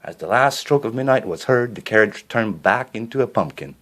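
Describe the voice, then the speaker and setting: A man reading a children's storybook aloud, expressive, with a few small slips and restarts. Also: mid-range voice, brisk.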